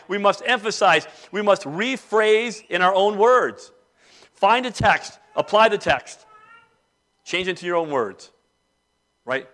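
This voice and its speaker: A pastor preaching a sermon, moving between quiet reflection and emphatic, rising declarations. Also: male voice, sits high. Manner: emphatic preaching, swinging between soft and loud.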